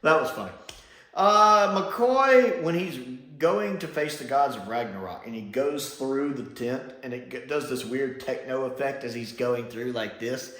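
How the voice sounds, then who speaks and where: A man giving a casual spoken review, chatty and animated, often pausing with "uh" and "like". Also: mid-range voice. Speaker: film and TV reviewer. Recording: roomy echo.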